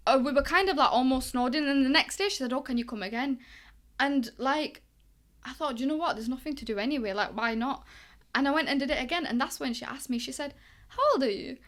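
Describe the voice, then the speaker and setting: Chatty young Englishwoman, slightly high. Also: quick pace. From England. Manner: chatty, lively, acts out quoted dialogue. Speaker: guest, boxing coach. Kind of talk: casual storytelling interview.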